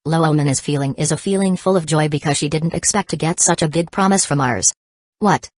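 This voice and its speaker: A woman reads a novel aloud in a plain, even narration. Her voice sits low, and the dry recording has no room echo at all. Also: fast. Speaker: audiobook narrator. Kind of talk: scripted narration.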